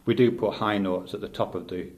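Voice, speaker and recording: A middle-aged male teacher thinking aloud in a halting, reflective way, with many restarts. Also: fairly low pitch, steady tone, darkish tone, dull audio. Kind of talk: unscripted spoken reflection.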